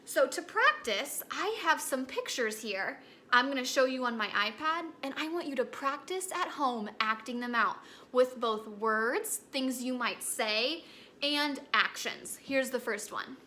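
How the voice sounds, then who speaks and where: Speaking at an unhurried but animated pace, a young woman with a bright, high voice leads a recorded lesson for kindergartners. Her storytelling is gentle and encouraging, and a little background noise can be heard.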